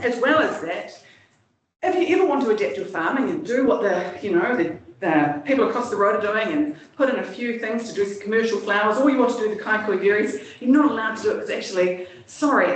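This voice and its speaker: A woman's voice: fairly high pitch, a little hiss or hum. Emotional New Zealand woman in echoey hall. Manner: emotional, pleading, tired. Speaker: submitter at a council hearing. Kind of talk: impassioned off-the-cuff testimony. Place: large hall, indoors. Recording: echoey hall, speaker far from mic.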